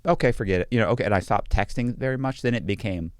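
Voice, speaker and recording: A man as an interview guest, telling a story in a casual, animated and exasperated way. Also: lowish voice, racing, smooth, no room sound, studio quality.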